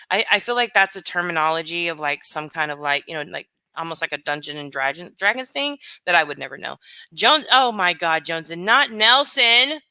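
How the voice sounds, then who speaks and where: A woman's voice: medium pitch, bright, forceful tone, clear, resonant tone, no room sound. A woman live streaming, blunt and profane, chatting casually and greeting her chat by name.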